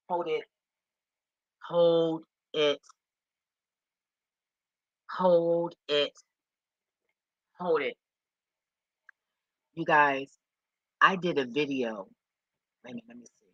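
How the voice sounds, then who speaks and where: A man talking off the cuff in a vlog, rambling and excitable, swearing often as he reads and reacts. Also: medium pitch, no room sound, lo-fi sound. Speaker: vlogger.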